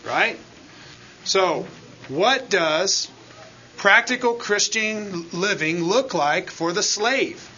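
A man's voice: high-pitched, lively intonation, extremely slow, sharp tone, dull audio, slight background noise. A man teaching a Bible lesson as a sermon, speaking conversationally and often asking the congregation "right?" and "amen?". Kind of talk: expository sermon.

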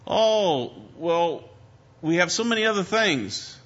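An eager, pushy waiter, as a man puts him on, coaxes in a raised, bright voice. He keeps insisting on something fancier. The sound is dull and lo-fi. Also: sits high, animated, slow pace, voice pushed up, full character voice. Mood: coaxing. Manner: coaxing, insistent upselling. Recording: dull lo-fi recording.

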